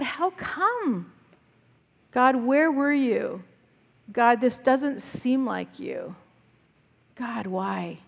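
A woman delivers a sermon in an earnest, reflective way, letting her measured phrases settle. Her voice sits a little high, and it rings out with the long reverb of a large church hall. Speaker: preacher.

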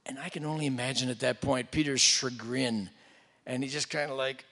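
A man's voice: medium pitch, normal speed. Preacher man in a reverberant hall. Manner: storytelling, swings between loud emphasis and hushed asides. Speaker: pastor. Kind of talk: sermon.

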